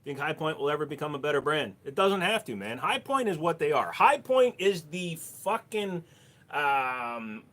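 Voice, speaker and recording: A man's voice: on the high side, very animated, normal speed, a bit bright. A man with a Minnesota accent, casually answering viewer questions on a livestream in a blunt, profane way.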